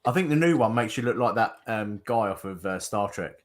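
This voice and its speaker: A man's voice: on the low side, lively intonation, brisk. A man co-hosting a podcast, joking casually and laughing often. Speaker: podcast co-host. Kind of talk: casual banter.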